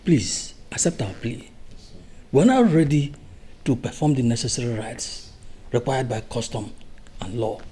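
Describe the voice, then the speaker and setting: Nigerian family elder, husky mellow voice, rising and falling as he persuades. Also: medium pitch, animated, measured pace, long pauses. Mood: persuasive. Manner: formal, persuasive. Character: elder relative pleading for a young man.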